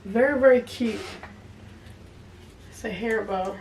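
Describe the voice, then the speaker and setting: A woman's voice: a little high, takes it slowly, darkish tone. A young adult woman, casually reviewing products on camera and chatting to her viewers. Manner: chatty, talks to viewers as y'all, easy laughs. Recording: echoey room, a bit far from the mic, faint noise.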